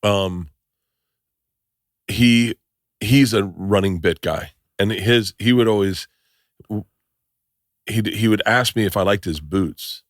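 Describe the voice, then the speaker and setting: A man's voice: on the low side, slow, long pauses, dry recording. Rambling male podcast host, dry sound. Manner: rambling, acts out other people in his stories. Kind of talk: casual podcast chat.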